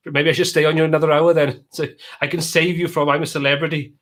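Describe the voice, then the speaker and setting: A man's voice: fairly high pitch, flat delivery, brisk, a bit bright. Welsh man, live stream host, casual and chatty, reads viewer comments aloud, at home.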